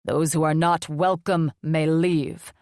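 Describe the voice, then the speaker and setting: A woman voicing a stern, gruff male demon wolf leader who speaks tersely. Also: sits low, little pitch movement, slow, a little mellow, dry recording, clean studio sound. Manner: terse, snarling.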